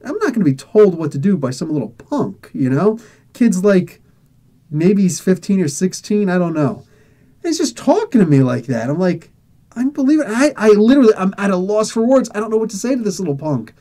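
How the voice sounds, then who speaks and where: A man hosting a podcast tells a personal story in a loose, casual way. His voice is mellow and warm, and his pitch rises and falls in lively swings. He acts out each exchange and laughs often as he talks. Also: a little fast. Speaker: podcast host.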